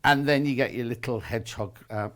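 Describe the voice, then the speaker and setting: A man's voice: mid-range voice, fairly quick, a bit bright. A man presenting a live shopping channel show, chatty and upbeat with small jokes.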